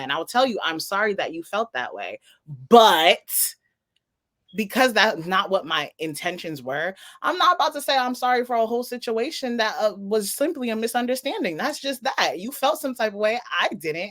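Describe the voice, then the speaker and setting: A woman's voice: mid-range voice, lively intonation, fairly quick, fairly bright tone. Blunt, jokey woman podcast co-host. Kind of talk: casual chat.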